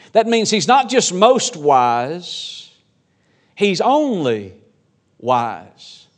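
Male pastor, high voice, emphatic sermon delivery with repetition. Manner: emphatic preaching with repeated phrases.

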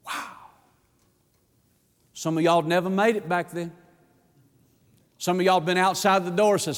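A pastor preaching a folksy sermon that rises to shouting on its key points. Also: male voice, high-pitched, normal speed, pauses often. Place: church sanctuary. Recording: long church reverb.

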